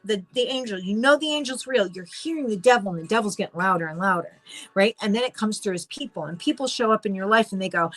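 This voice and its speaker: A woman giving a casual spoken tarot reading, excitable and rambling with many restarts. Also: mid-range voice, quick pace. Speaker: tarot reader.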